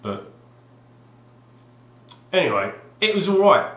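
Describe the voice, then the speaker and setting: A man's voice: sits high, big pitch swings, slow pace, a bit bright. A man vlogging about his video game finds, rambling hesitantly with wry asides and frequent restarts. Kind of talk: rambling casual monologue. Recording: roomy echoey home recording.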